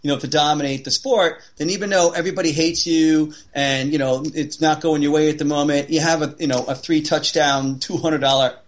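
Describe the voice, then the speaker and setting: A man co-hosts a podcast in relaxed, casual conversation. He rambles, piling up fillers as he works toward his point, and his voice sits a little higher than most men's. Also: brisk, hardly any pauses. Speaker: podcast co-host. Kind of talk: casual chat.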